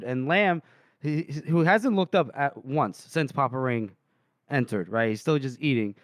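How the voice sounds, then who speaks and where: A man co-hosting a podcast, casually retelling book chapters and quoting the characters in quick asides. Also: mid-range voice, smooth, dry recording, clean studio sound. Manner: retells scenes with quick voiced quotes of characters. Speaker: podcast co-host.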